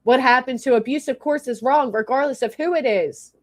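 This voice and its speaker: Speaking a little fast in a high-sitting voice, a woman rants angrily during her YouTube livestream. Her exasperation comes with plenty of swearing, and she pauses to read and thank the people commenting in chat.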